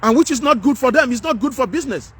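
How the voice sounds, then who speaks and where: High-voiced Nigerian man lecturing emphatically. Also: expressive, fast talker, a bit bright, slightly rough. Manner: preachy, repetitive, emphatic. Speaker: commentator. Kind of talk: impassioned monologue.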